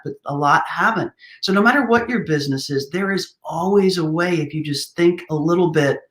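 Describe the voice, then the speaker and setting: A woman host with a fairly low voice leads a friendly chat and laughs readily between her questions. Her voice carries the reflection of an echoey room. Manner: enthusiastic, laughs easily, asks prompting questions. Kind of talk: casual interview chat.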